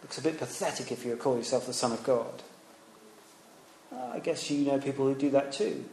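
A man's voice: medium pitch, moderate pace, darkish tone, slight background noise. A man, a preacher and former teacher, giving a conversational sermon with rhetorical questions and stories. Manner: conversational, rhetorical questions, acts out quoted voices. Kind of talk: sermon with storytelling. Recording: echoey room.

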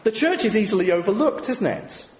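A man's voice: high voice, lively intonation, brisk. A man preaching a sermon, conversational and full of rhetorical questions. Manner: conversational, asks the congregation rhetorical tag questions. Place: church. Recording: echoey hall with long reverb.

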